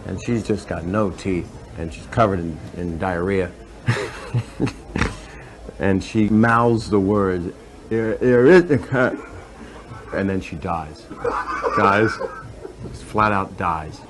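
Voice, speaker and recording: Man, comedian, crude rambling joke, chuckles as he goes, low voice. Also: slow pace, long pauses, fairly bright tone, a little hiss or hum, poor audio. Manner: crude, laughing through his own story, breaks off to restart. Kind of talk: rambling stand-up joke telling.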